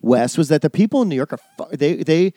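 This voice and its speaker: A man's voice: fairly high pitch, expressive, fast talker, dark tone, dry recording, studio quality. A middle-aged man co-hosting a podcast, telling a story in a rambling way, full of restarts and acted-out quotes. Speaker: podcast co-host. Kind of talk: casual chat, storytelling.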